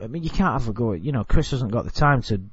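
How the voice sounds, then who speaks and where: A man's voice: medium pitch, animated, quick pace, husky, no echo, dull audio. An English-accented man commenting on a TV clip in a rambling, blunt, self-correcting way. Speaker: video commentator.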